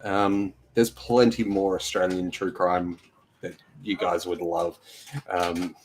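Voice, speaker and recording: A man on a podcast with a fairly low voice. He speaks in a laid-back, unhurried way and pauses for fillers while he explains things. It is a relaxed, casual chat. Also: a little hiss or hum. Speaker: podcast co-host.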